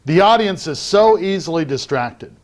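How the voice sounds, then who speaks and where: A middle-aged man giving a recorded lecture on public speaking, acting out loud, soft, fast and slow delivery as he explains it. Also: fairly high pitch, expressive. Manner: demonstrates vocal techniques while teaching, varying loudness and pace. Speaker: debate lecturer.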